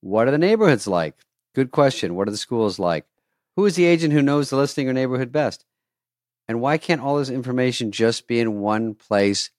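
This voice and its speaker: A male co-host with a lively, swinging voice, reading an ad with playful banter. The sound is dry and close to the mic. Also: mid-range voice, fairly quick, dry recording. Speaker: podcast co-host. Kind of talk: casual chat and ad read.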